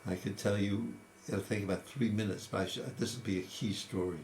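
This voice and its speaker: A man in his eighties with a lowish voice tells long personal stories. He talks in a reflective, conversational way, often restarting a phrase before carrying on. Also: fairly even intonation, a little fast, darkish tone, a little hiss or hum. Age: 80s. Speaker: interviewee. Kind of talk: casual storytelling.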